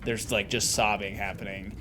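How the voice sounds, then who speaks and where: A man's voice: on the low side, flat delivery, normal speed, music in the background. A man hosting a podcast, chatting casually about movies in a rambling, joking way. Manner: rambling, playful, jumps in with jokes. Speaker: podcast host. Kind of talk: casual movie-review chat.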